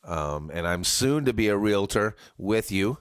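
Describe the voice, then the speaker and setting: A lowish, animated male voice moves at a measured pace with a clean tone, recorded dry in studio quality. He's hosting a live karaoke stream, greeting viewers and rambling jokingly straight to them.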